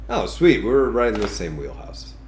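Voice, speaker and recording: A man with a very low voice, stuffed up and congested from a cold. He hosts a podcast in a loose, crude, joking way and rambles from one thought to the next. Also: big pitch swings, normal speed, a crowd in the background. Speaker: podcast host. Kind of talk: casual podcast chat.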